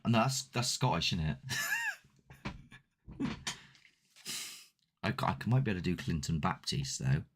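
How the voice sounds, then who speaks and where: Deep-voiced man chatting casually on a live stream. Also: very animated, measured pace, long pauses, noisy background. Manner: chatty, rambling, self-deprecating. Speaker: host of a paranormal channel. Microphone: desk mic with ring light.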